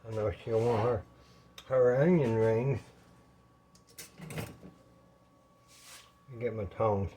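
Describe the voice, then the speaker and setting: Slow, folksy man cooking at home. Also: fairly low pitch, steady tone, warm tone, slight background noise. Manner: folksy, rambling, talks to viewers as y'all. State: out of breath. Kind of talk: casual cooking talk to viewers. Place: home kitchen.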